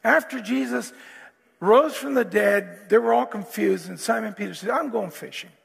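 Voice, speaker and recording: A man preaching a sermon as pastor, animated and prone to restarts, acting out quotes from the story. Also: sits high, normal speed, gravelly, slightly rough. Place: church hall. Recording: long hall reverb, faint guitar.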